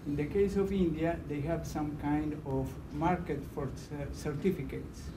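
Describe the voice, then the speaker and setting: A man in the audience, heard from a distance in an echoing room, asks a hesitant question in non-native phrasing. His voice is somewhat high for a man, with steady background noise around him. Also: moderate pace. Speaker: audience member asking a question. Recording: distant, roomy, noisy hall sound.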